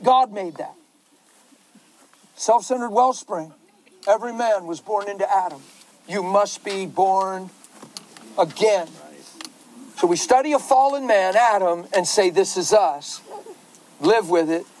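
A man's voice: sits high, darkish tone, slight background noise, poor audio. A man pastor answering questions in a passionate, emotional preaching style.

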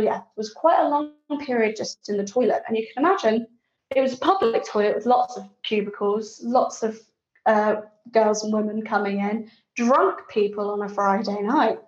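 A young woman in her twenties talks openly as a podcast guest, frank and quick to laugh. Her voice sits fairly high. The recording sounds roomy and a little dull. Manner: candid, frank, often laughing. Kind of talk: podcast interview storytelling.

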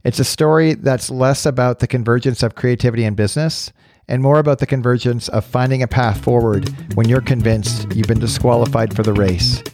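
A man hosting a podcast, reading a measured scripted introduction and then talking casually with his guest. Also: mid-range voice, fairly even intonation, darkish tone, soft background music. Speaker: podcast host.

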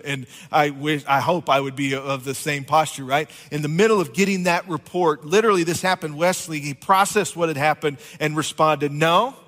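A man's voice: on the high side, a bit bright, big-room sound. A man preaching a conversational sermon as pastor, joking with his congregation. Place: church sanctuary.

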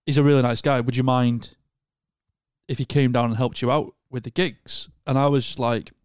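A man tells a long story in casual podcast chat, circling back and restarting his sentences as he goes. His voice sits at an ordinary middle pitch. The sound is close and completely dry, with no room echo. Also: steady tone, moderate pace, clean tone. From Northern England. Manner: rambling storyteller with many restarts. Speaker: podcast co-host.

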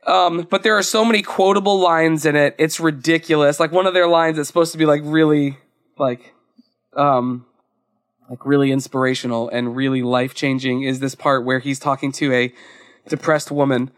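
High-voiced chatty young man. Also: fairly even intonation, moderate pace. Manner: chatty, rambling, laughs often. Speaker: podcast co-host. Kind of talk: casual chat.

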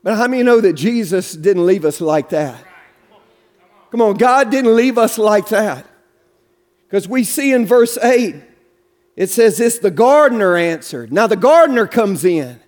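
A pastor preaching a sermon in church with fervent, rhythmic, sing-song delivery, urging the congregation on. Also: male voice, high-pitched, expressive, unhurried.

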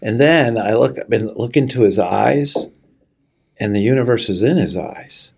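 Middle-aged male guest, earnest halting testimony, dark husky tone. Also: mid-range voice. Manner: earnest, halting storytelling, choking up. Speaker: guest sharing a personal story. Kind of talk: conversational testimony.

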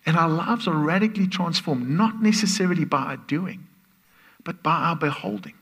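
Husky-voiced man preaching a sermon. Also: on the high side, normal speed. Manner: earnest, builds from soft to excited exclamations, laughs between phrases. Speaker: guest preacher.

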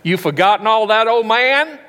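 A man's voice: high voice, expressive, normal speed, sharp tone, smooth, pitched above the performer's own voice. A man voicing a resentful older son who complains bitterly to his father.

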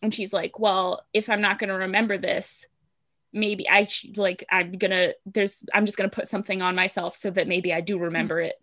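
A woman's voice: medium pitch, little pitch movement, a little fast, bright, forceful tone. A woman co-hosting a podcast, casually retelling a show's plot with plenty of filler words. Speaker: podcast co-host recapping a show. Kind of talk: casual chat.

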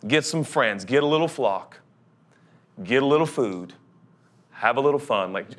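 A young adult man preaching a sermon as pastor, animated, slipping into comic voices and building to an urgent pitch. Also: measured pace, pauses often, a little hiss or hum.

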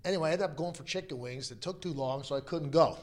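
A middle-aged man tells a story as a guest, in a voice pitched a little higher than most men's. He talks in a lively, animated way and acts out the people he quotes. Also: quick pace. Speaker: guest, father of a pro hockey player. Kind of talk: casual storytelling.

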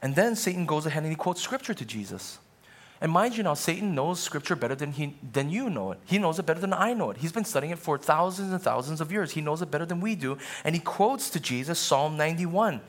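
Casting: earnest male preacher, fairly high-pitched, chatty asides to the congregation. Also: lively intonation, quick pace. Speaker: pastor. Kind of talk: sermon.

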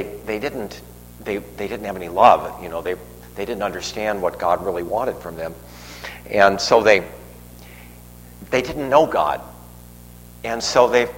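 An older man preaching a homily, telling a rambling personal story with frequent restarts and fillers. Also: low-pitched. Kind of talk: sermon. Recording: long reverb, faint noise.

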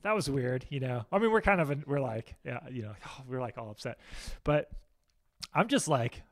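Being interviewed as a guest, a man speaks candidly in an expressive, mid-range voice at normal speed. The talk is casual and chatty; he pokes fun at himself and restarts his sentences a lot.

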